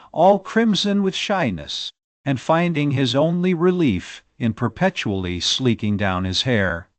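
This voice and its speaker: Man, audiobook narrator, expressive storytelling, mid pitch, dry close sound. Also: dry recording. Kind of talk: scripted narration of a novel.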